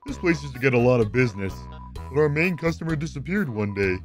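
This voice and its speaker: Guy doing an awkward mopey ghost, kinda flat and quiet, pitch bounces around a lot, faint music behind. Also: fast talker, natural voice. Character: shy mopey ghost running a snail farm. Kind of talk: reading game dialogue aloud.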